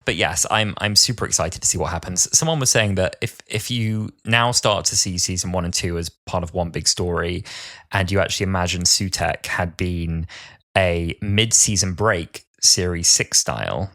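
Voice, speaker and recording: A man in his twenties co-hosting a podcast, chatting casually and acting out what others said in lively retellings. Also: deep voice, normal speed. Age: 20s. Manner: chatty, acts out others' words in animated retellings. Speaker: podcast co-host. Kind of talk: casual chat.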